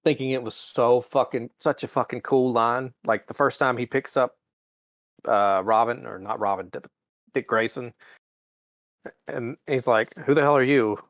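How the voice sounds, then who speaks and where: A man's voice: mid-range voice, steady tone, a little slow, a bit bright. A man co-hosting a podcast, chatting casually and profanely, often slipping into mocking voices. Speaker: podcast co-host. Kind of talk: casual chat.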